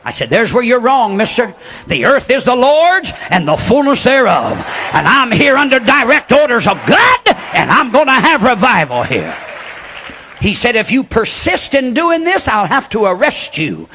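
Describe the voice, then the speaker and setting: An older man preaches, spinning a folksy story and building to shouted calls. His voice sits high and bright, with a sharp, forceful edge. Faint noise hums underneath. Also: very animated, moderate pace. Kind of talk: sermon storytelling.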